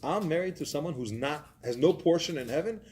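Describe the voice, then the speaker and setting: A man voicing a shocked, angry wife in a story he tells, protesting in rising, rapid bursts. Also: mid-range voice, lively intonation, a little mellow, slight background noise, lightly acted. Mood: indignant. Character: shocked angry wife, middle-aged woman.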